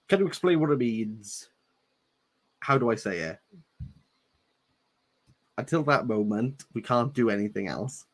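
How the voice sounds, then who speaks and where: A slightly rough, medium-pitched voice with big pitch swings comes from a book channel host from Wales in his thirties, speaking at normal speed. He reads a novel aloud, stopping for playful jokes and repeating words he likes the taste of.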